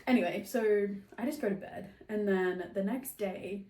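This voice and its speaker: A woman's voice: mid-range voice, moderate pace, recorded from a distance, background noise. Young woman, casual storytelling, chatty, swears freely, roomy echoey sound. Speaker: podcast host. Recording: roomy echo.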